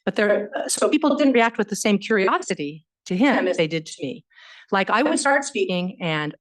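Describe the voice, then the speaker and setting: A woman history professor giving an academic lecture in a measured, explanatory way, often pausing on "um" and "you know". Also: medium pitch, lively intonation, rough recording.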